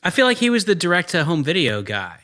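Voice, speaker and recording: A man's voice: sits high, huge pitch swings, quick pace, sharp tone. A man co-hosting a podcast in casual chat, joking and sarcastic, laughing often. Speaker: podcast co-host.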